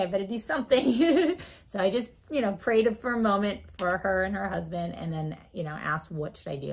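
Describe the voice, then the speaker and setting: A woman doctor recounts a patient story as a guest, voice sitting a little low. She tells it with lively swings, acting out the voices of the people in her story. She laughs often as she talks. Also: vocal fry. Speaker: physician guest. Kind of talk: animated storytelling in an interview.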